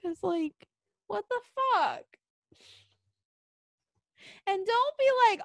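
A young woman co-hosting a podcast, venting and swearing in casual chat, lurching between mumbles and loud outbursts. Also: very high voice, lively intonation, drawn-out words, vocal fry, long pauses, no room sound, studio quality. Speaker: podcast co-host.

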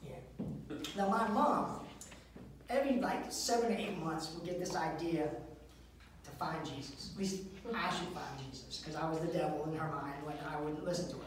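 A man performing a stand-up comedy set, telling stories with an animated delivery and acted voices. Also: fairly high pitch, normal speed, a crowd in the background. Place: live comedy venue. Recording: echoey room, distant mic.

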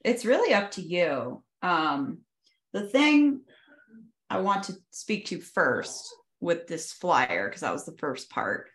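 Encouraging woman coach, low-pitched. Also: big pitch swings, takes it slowly. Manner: encouraging, affirming, soft-spoken. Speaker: life coach. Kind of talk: coaching session. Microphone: video call.

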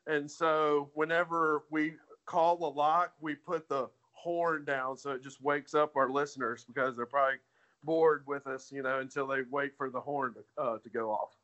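A man co-hosting a sports betting podcast, blunt and halting with many restarts. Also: a little high, steady tone, fairly bright tone, muffled recording. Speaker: podcast co-host. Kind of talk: casual sports betting chat.

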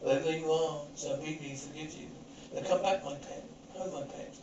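A cruel, possessive showman mind-reader, played by a man, coaxes and threatens in a fairly high voice. The sound is an echoey TV soundtrack heard from some distance. Clear noise runs underneath. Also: steady tone, moderate pace, muffled recording, natural voice. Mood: menacing. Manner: coaxing threats. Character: menacing possessive male stage mind-reader, controlling and cruel. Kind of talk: 1980s TV horror drama acting.

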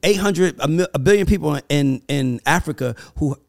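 An American man hosting a podcast, telling stories in a lively, crude, slangy way. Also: a little high, creaky. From United States. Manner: animated, quick storytelling with crude slang. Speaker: podcast host. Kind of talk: casual chat.

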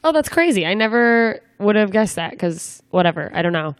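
A woman's voice: mid-range voice, very animated, normal speed, no room sound. A young woman interviewing a guest in a casual, joking way, full of rambling asides.

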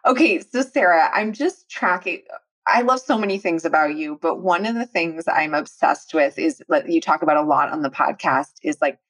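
A woman's voice: low-pitched, moderate pace, fairly bright tone, no echo, low-quality recording. A woman hosting an interview podcast, affirming her guest and asking long, winding questions. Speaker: podcast host.

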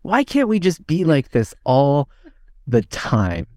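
A man's voice: a little high, huge pitch swings, slow pace, darkish tone, dry recording, studio quality. A man in a casual podcast chat, laid-back and crude, joking dryly.

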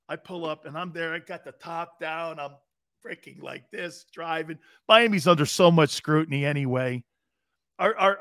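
A man's voice: a little high, a bit bright, dry recording, clean studio sound. A man in his fifties hosting a sports talk show, telling profane, laughing anecdotes in casual chat.

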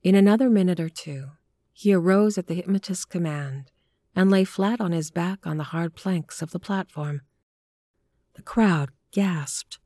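A woman narrating a horror story in a measured, even storytelling manner. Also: lowish voice, dry recording, studio quality.

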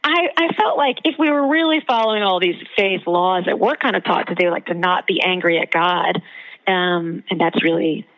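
A woman theologian and author speaking as a guest in a podcast interview, telling her points with animated emphasis. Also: fairly low pitch, normal speed, lo-fi sound.

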